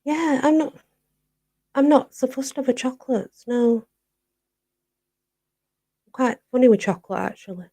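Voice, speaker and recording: A woman's voice: high voice, animated, a little slow, long pauses, dark tone. Chatty Yorkshire woman on a live chat. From Barnsley, Yorkshire, England. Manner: chatty, says "you know" constantly. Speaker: livestream host. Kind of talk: casual live chat answering viewer comments.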